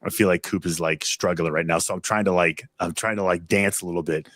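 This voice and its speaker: A man hosting a podcast over a video call, telling stories in a rambling, animated way. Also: low-pitched, quick pace, no echo, studio quality. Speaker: podcast host. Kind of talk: casual storytelling chat.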